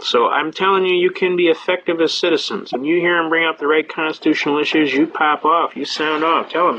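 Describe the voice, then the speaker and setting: A man's voice: fairly high pitch, steady tone, brisk, few pauses, sharp tone, slight background noise. An older man giving a chatty, rambling lecture full of anecdotes and filler words. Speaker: speaker on citizens' rights. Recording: dull lo-fi recording.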